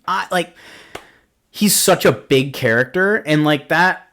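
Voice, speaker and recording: Talking horror films on his podcast, a man rambles along with many fillers and swears freely. His voice is a little high and fairly bright, a little slow in pace, and lively in its intonation.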